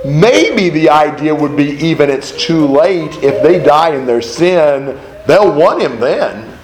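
A man teaching a Bible study to a group, emphatic and animated, often asking rhetorical questions. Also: fairly high pitch, takes it slowly. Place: room with a group of listeners. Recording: roomy echo, faint background noise.

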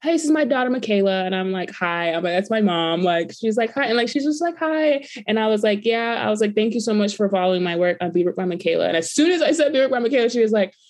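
A young woman co-hosting a casual chat, telling a story with animated quoted voices. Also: medium pitch, quick pace, few pauses. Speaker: podcast co-host.

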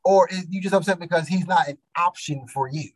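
A young man with a slightly high, husky voice, chatting casually. He tells his stories bluntly, with profanity and animation. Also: a little fast, poor audio. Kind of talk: casual chat.

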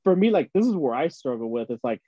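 A man with a mid-pitched voice rambling through animated stories on a podcast, full of filler words. His recording sounds dry and a bit dull. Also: fast talker, breathy edge, dry recording. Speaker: podcast co-host. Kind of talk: casual chat.

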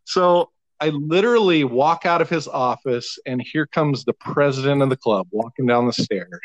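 A man spins a story as a podcast guest, animated and heavy on the swearing. His voice sits in a mid register, recorded dry and close with a slightly dull, lo-fi tone. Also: medium pitch, normal speed, no room sound. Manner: profane, animated anecdote telling. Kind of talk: casual storytelling.

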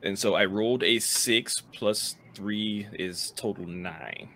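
Brief: male player, lower voice, careful and methodical about rules. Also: slow pace, pushed and bright, slight background noise. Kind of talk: playing a tabletop game.

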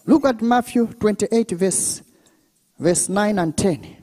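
Preaching slowly in a high-pitched voice with a big-room sound, a male pastor gives a sermon at a church service. He draws call-and-response from the congregation, breaking into bursts of shouting and speaking in tongues.

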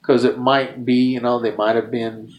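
A middle-aged man, a musician guest, telling casual anecdotes in a lively way and acting out what people said. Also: mid-range voice, normal speed, a little hiss or hum. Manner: lively storyteller who acts out quoted lines.

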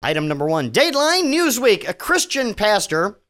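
A man's voice: sits high, very animated, normal speed, a bit bright. A sarcastic man hosts his own solo news podcast. His voice swoops up and down as he reads out items and jeers at them. He swears freely and trips over his words, restarting his sentences. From Virginia. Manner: sarcastic, profane, stammering restarts. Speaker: podcast host.

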